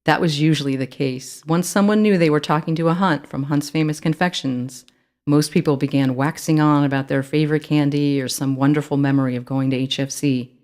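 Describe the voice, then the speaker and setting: Female author narrating a kids' audiobook, deep voice, even delivery. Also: a little fast. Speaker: author reading her book.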